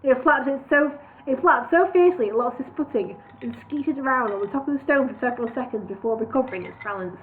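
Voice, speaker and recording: A woman's voice: on the high side, fast talker, few pauses, slight background noise. A woman reading a parody fantasy novel aloud, sometimes stopping to redo a line. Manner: stops and redoes lines. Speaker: reader. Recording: tinny phone-like sound.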